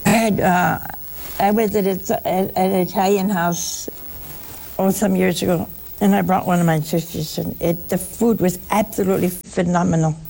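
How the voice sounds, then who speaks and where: A woman's voice: fairly low pitch, fairly even intonation, moderate pace, vocal fry, mellow. An older woman giving a folksy sermon to listeners, telling stories and acting out the voices of others. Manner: folksy storytelling, acts out voices. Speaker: preacher.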